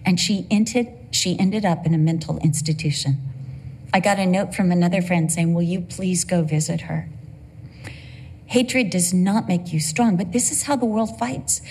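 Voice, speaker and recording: A woman's voice: fairly low pitch, a little mellow, slight background noise. A middle-aged woman preaching a sermon, earnest and emphatic, driving points home with repeated phrases.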